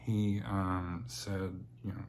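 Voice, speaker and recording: A man's voice: low voice, flat delivery, slow, a little mellow, slight background noise. A young man telling personal stories in a chatty, rambling way, with many fillers and laughs. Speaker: vlogger. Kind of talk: casual personal storytelling.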